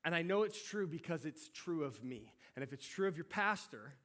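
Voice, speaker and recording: Male pastor, middle-aged, animated conversational preacher with a high voice. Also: moderate pace. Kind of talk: sermon.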